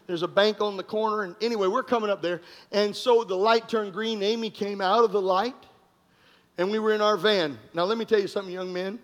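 A pastor preaching an energetic sermon to his congregation, telling stories with jokes and bursts of shouting. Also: sits high, fairly quick, highs cut off. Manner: animated, joking, breaks into shouts. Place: church congregation room.

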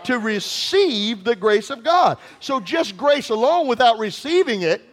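A man preaching a sermon, repeating phrases, calling for responses and shouting the key lines. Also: extremely high pitch, big pitch swings, unhurried. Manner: call-and-response, repetitive and emphatic, shouts at peaks.

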